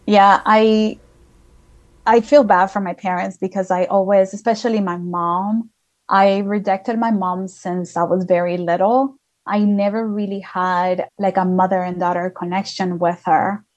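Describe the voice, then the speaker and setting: Woman guest, mid-pitch, chatty storyteller with lots of "like" fillers. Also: fairly even intonation, measured pace, darkish tone. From outside the United States. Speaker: guest, spiritual healer and channeler. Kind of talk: casual conversational storytelling.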